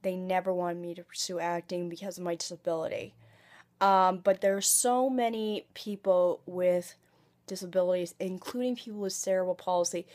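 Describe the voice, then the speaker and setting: A woman vlogging about herself, with a cold, speaking in a halting way full of ums, likes and restarts. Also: on the low side, fairly even intonation, a little mellow. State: has a cold. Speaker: vlogger and aspiring comic actress. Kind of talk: casual home vlog monologue.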